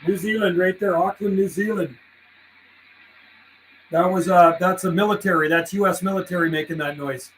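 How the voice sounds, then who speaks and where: A man's voice: high-pitched, fairly even intonation, normal speed, long pauses, echoey room, slight background noise, rough recording. A man working as an amateur radio operator, chatting over the air in call signs and codes, then talking to himself as he logs his contacts. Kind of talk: casual radio call and logging chat.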